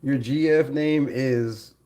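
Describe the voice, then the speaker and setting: Animated man hosting a live stream. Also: mid-range voice, slow pace, slight background noise. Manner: animated, talks to chat, laughs often. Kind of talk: casual live stream commentary.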